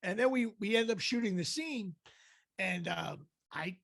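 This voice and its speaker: Raspy, high-pitched animated male storyteller. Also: a little slow, no echo, clean studio sound. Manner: animated storyteller acting out quotes. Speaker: actor and comedian guest. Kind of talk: storytelling in a casual interview.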